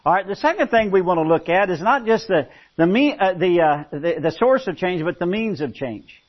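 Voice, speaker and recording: Animated preacher man, lo-fi recording. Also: high-pitched, normal speed. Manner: animated storytelling with stammered restarts. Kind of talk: sermon. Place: church with congregation. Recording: dull lo-fi recording.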